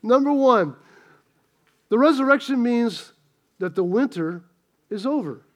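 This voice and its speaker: A middle-aged man with a very high voice preaches a sermon. He talks in a chatty, self-deprecating way and slips into a humorous personal story. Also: lively intonation, measured pace. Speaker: pastor.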